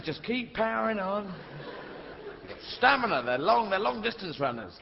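A middle-aged man doing stand-up on a theatre stage, rambling and animated, with a pitch that leaps around constantly. His voice is a little high for a man and carries a long hall reverb. The recording sounds dull, and an audience is clearly audible behind him. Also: brisk, noisy background. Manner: rambling, animated, puts on shouting old-lady voices. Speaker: stand-up comedian. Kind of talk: stand-up comedy routine. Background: audience laughter.

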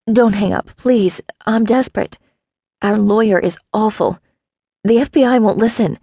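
A woman's voice: lowish voice, normal speed, creaky, darkish tone, dry recording, clean studio sound. A woman voicing a desperate young woman who pleads and rambles through tears. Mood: pleading. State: tearful.

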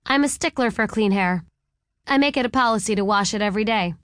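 A woman's voice: medium pitch, fast talker, fairly bright tone, smooth, no room sound, natural voice. A woman voicing a prim, stubborn young heroine who answers with curt, indignant retorts. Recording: dry close audiobook studio.

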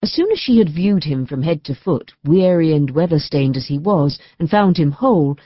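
A woman narrating an audiobook in a steady, even storytelling manner. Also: low voice, normal speed, husky, no echo. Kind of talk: scripted narration. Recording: dull dry studio recording.

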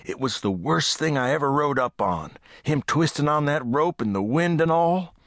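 A man's voice: fairly high pitch, lively intonation, moderate pace, fairly bright tone, dry recording, clean studio sound, pitched above the performer's own voice. A male audiobook narrator voicing an anxious rancher who speaks with urgent pleading. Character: anxious male rancher, drenched, bearing bad news.

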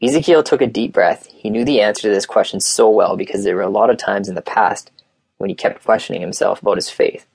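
A man narrating an audiobook in a plain, steady reading voice on a close mic. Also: fairly low pitch, fast, creaky, slightly rough, no echo. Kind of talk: scripted narration.

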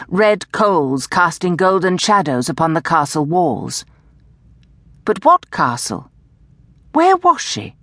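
A woman with a fairly low voice tells the story slowly and dramatically, sinking into hushed tones when characters whisper. Her reading swings widely in pitch. The recording is close-miked and dry, with no room sound around her. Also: no room sound. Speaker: audiobook narrator. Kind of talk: scripted narration of a historical romance. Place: recording booth. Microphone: close studio mic.

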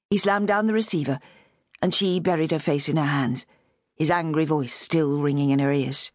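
A woman narrating an audiobook of a novel in an expressive, lively way. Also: sits low, normal speed, dry recording, clean studio sound.

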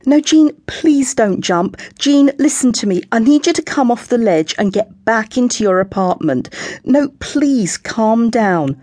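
A woman's voice: a little high, animated, warm tone, no room sound, pitched above the performer's own voice. A woman voicing an unflappable mum. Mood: brisk. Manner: brisk, soothing counsellor tone, matter-of-fact. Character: chatty middle-aged British mum, unflappable. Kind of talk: audiobook character voice.

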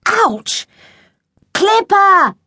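A woman's voice: on the low side, big pitch swings, unhurried. A woman voicing a podgy, grumbling schoolboy who is easily flustered. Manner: grumbling, indignant.

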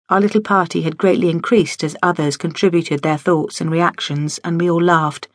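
A woman narrating a novel in the first person with a wry, lively storytelling manner. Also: fairly low pitch, moderate pace, hardly any pauses, no room sound. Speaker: audiobook narrator. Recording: dry studio audio.

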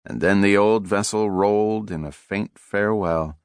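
A man giving measured, dramatic scripted narration for an audiobook on a close studio mic. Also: fairly low pitch, gravelly, clear, resonant tone, no room sound.

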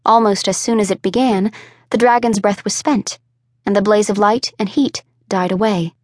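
In a studio-quality recording with no room sound, a woman narrates an audiobook from a script. Her mid-range voice is measured and expressive.

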